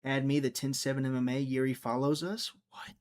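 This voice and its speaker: A man's voice: mid-range voice, flat delivery, a little fast, a little mellow. A man hosting a casual livestream, rambling and joking as he answers viewers' chat comments. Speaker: livestream host.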